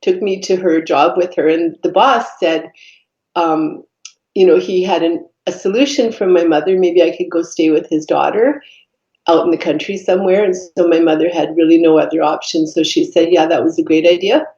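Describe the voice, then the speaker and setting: A woman, a podcast guest telling her life story in an earnest, reflective way, pausing often with fillers. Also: lowish voice, steady tone, mellow. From Canada. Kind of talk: personal storytelling in conversation. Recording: dull echoey room recording.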